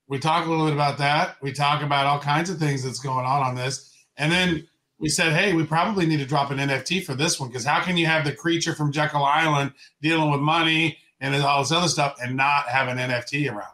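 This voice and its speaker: Male co-host, somewhat high voice, loose and rambling, quick to laugh. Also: steady tone, bright, forceful tone, poor audio. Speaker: podcast co-host. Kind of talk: casual podcast chat.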